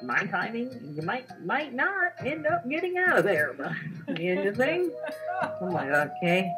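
In casual talk, a young woman co-host shares a dream with animated storytelling, acting out the quotes. Her voice is on the high side and her pace measured. Music plays in the background, and the recording quality is low.

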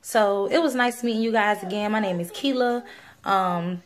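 A woman's voice: medium pitch, normal speed. A young woman speaking, giving an earnest, pleading personal testimony on video with many fillers. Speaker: vlogger sharing a religious testimony.

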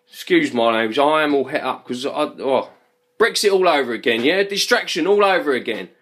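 High-voiced guy ranting at the camera, swearing a lot, all worked up. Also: big pitch swings, a little fast, a bit bright. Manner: heated, swearing, repeats himself. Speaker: vlogger. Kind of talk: angry profane rant to camera.

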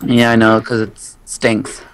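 A woman's voice: a bass voice, level tone, unhurried, a little hiss or hum. A teenage girl chatting casually and giggling while playing a game. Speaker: gamer. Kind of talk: casual gaming chat.

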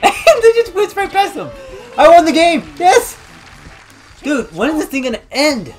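Young man, gaming commentary, high voice, wildly swinging pitch, constant cursing and trash talk, faint music behind. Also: huge pitch swings, moderate pace. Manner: loud, swearing, trash-talking, yelling at the game. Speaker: gaming YouTuber. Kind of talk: let's play commentary.

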